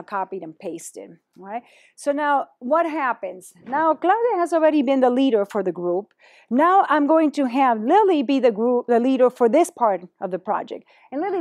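A woman's voice: on the high side, a little mellow. A woman presenting a teacher-training workshop, talking animatedly and dropping in Spanish phrases.

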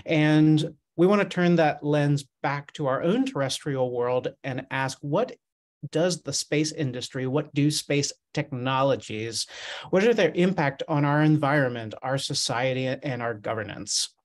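A man's voice: fairly high pitch, unhurried. A man who is an assistant teaching professor, presenting research in a webinar, earnest and explanatory with fillers.

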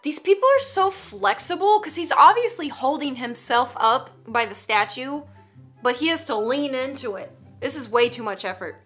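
A woman's voice: high voice, lively intonation, normal speed, fairly bright tone, breathy edge, faint music behind. A woman hosting a casual reaction video, joking and teasing with frequent giggles. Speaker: YouTube reaction host.

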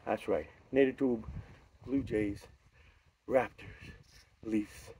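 A man hosting a sports vlog outro, rowdy, profane and hyped, rambling between shouts. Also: mid-range voice, slow, slight background noise. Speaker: vlog host.

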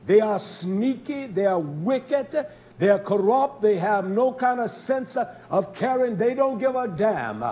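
Male preacher, high-pitched, fiery sermon that drops low then builds to shouts, repetitive. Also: lively intonation, slow, hardly any pauses. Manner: impassioned, swings from quiet asides to shouting; repetitive, rhetorical questions to the congregation.

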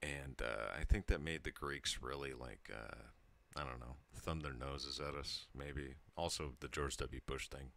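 A man's voice: extremely low pitch, unhurried, vocal fry, hardly any pauses, fairly bright tone. A tipsy man in his thirties telling a rambling story to his channel, laughing and breaking off mid-sentence. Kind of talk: casual storytelling monologue.

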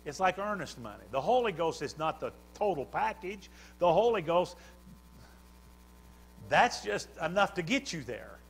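A man's voice: a little high, big pitch swings, unhurried, creaky, husky. A man preaching a sermon, building fervor through repeated phrases. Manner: preaching with rising fervor and repetition. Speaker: pastor.

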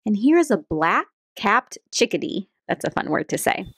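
A woman teaching a children's lesson about birds, speaking cheerfully and clearly to young kids. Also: mid-range voice, moderate pace, background noise. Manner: soft, calming guided breathing. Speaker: kids activity instructor.

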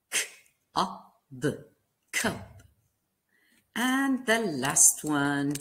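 A woman teaches young children their vowel sounds at a very slow pace, spelling each word letter by letter. Her voice sits low, but the pitch swings widely as she asks questions and encourages them. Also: big pitch swings, fairly bright tone. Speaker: kindergarten teacher. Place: classroom lesson video.

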